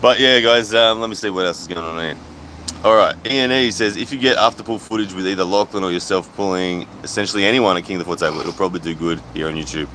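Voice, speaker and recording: A man's voice: low voice, fast, sharp tone, slight background noise, rough recording. A man hosting a casual livestream, reading out viewer comments as he chats. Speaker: livestream host. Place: outdoors at a hotel poolside.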